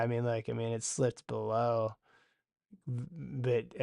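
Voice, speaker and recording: A man with a gravelly yet smooth voice hosts a casual trading livestream, talking in a loose, rambling way full of slang, restarts and the odd curse. The sound is dry and close, with no room around him. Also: medium pitch, darkish tone, dry recording. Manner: rambling, laughs a lot, swears, loose slang. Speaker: stock trading show host. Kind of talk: casual livestream market recap.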